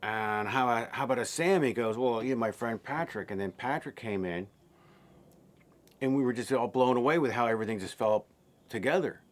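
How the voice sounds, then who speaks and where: A man speaking in a behind-the-scenes interview as a film director, relaxed and rambling with fillers and restarts. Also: mid-range voice, a little fast, a little hiss or hum.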